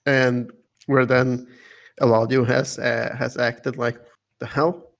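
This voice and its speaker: Gravelly-voiced male podcast co-host. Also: mid-range voice, level tone, slow. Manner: rambling, many fillers and restarts, laughs often. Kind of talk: casual chat.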